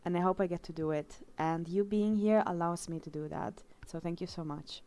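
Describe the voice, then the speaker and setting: A young adult woman livestreaming her drawing, talking in a heartfelt, emotional way with many pauses and fillers. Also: lowish voice, dark tone. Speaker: art streamer. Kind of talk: casual live-stream chat while drawing.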